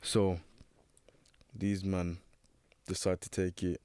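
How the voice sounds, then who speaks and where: Hesitant low-voiced young man. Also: little pitch movement, takes it slowly, warm tone, clear, resonant tone, no room sound. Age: teens. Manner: hesitant, filler-heavy, searching for words. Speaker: young guest. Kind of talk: casual personal storytelling.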